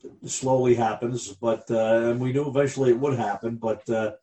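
A man's voice: mid-range voice, steady tone, normal speed, mellow, reverberant. A man co-hosting a casual talk show, speaking plainly and often repeating himself. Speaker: podcast co-host. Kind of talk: casual conversation.

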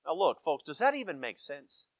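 Preacher guy, big swings up and down, loud then quiet, dry close sound. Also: on the high side, normal speed, dry recording. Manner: animated, emphatic, swings between loud cries and hushed asides. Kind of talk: sermon.

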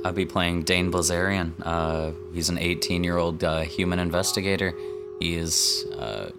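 A young man playing in a tabletop game, laid-back and hesitant with fillers. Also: low voice. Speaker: player.

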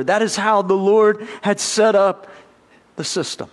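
A man's voice: sits high, steady tone, unhurried. A male pastor preaching a sermon in an earnest style, lifting his voice when he acts out quoted speakers.

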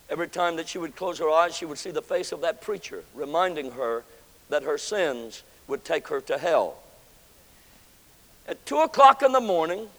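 A man preaching a sermon as pastor, swinging between loud, ringing lines and hushed ones. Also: high-pitched. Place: church sanctuary. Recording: long hall reverb with faint music.

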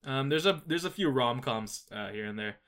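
A young man chatting casually, rambling and animated, with lots of fillers as he tells a story. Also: mid-range voice, normal speed. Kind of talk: casual chat.

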